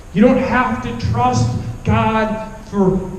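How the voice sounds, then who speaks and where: A man who is a military veteran telling his personal testimony at a revival service, emotional and halting, with a pleading tone. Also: sits high, roomy sound, slight background noise, rough recording.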